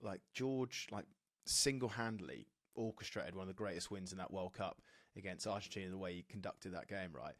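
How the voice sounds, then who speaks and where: A man's voice: low-pitched, a little fast, few pauses, no room sound, studio quality. An English man in his thirties hosting a rugby podcast, chatty and matey, calling his guest "mate". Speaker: podcast host, former rugby player. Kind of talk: casual podcast chat.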